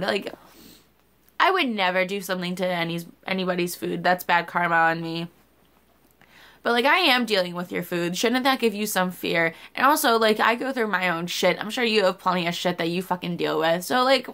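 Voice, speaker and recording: Young woman vlogger, bright crisp voice, candid and rambling, cusses casually. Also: on the low side, moderate pace. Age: young adult. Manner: candid, rambling, swears freely. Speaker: YouTuber. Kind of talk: casual vlog chat.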